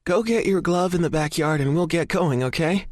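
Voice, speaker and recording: A man voicing a young woman on the phone in an audiobook, pitching his voice up, first carefree and later frightened. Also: moderate pace, darkish tone, dry recording, studio quality, close to an everyday voice. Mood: cheerful. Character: young woman, mother, carefree then terrified. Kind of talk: audiobook character voice.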